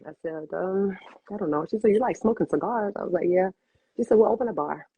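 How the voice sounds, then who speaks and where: Interview guest, woman in her fifties, husky and dry, heartfelt storyteller who repeats lines for emphasis, slightly dull sound. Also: medium pitch, brisk, dry recording. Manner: expressive, repeats phrases for emphasis. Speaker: cigar bar owner and guest. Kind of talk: emotional personal storytelling.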